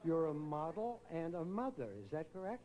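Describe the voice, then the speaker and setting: A man hosting a live pageant on stage, teasing the contestants with quick jokes as he interviews them. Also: a little high, animated, mellow, slight background noise, rough recording. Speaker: pageant host. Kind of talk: joking live pageant emcee.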